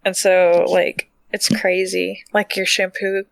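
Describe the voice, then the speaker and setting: Woman, podcast co-host, rambling chatty delivery, mid-pitched, dry room. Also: little pitch movement, slow pace, vocal fry, no room sound. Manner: rambling, heavy use of "like". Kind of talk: casual group chat.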